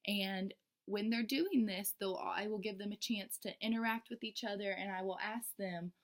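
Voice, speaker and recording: A woman's voice: mid-range voice, moderate pace. A woman who teaches young children, walking step by step through a lesson plan with some ums and restarts. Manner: steady, step-by-step explaining with frequent ums and restarts; shifts into a bright, singsong teacher voice when quoting herself to children. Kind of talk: explaining a lesson plan to camera.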